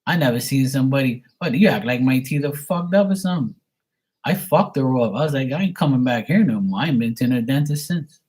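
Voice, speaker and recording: Man, forties, husky voice, mid pitch, profane rambling rants, casual live chat. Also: expressive, fairly quick, a little mellow. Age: 40s. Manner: profane, ranting storyteller. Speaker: live tarot reader.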